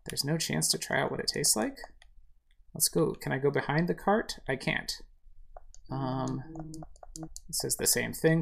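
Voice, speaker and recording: A woman's voice: sits low, measured pace, vocal fry, pauses often, slightly rough. A woman narrating a video game playthrough in a casual way, describing the screen with fillers. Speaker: game streamer. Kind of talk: casual let's-play narration.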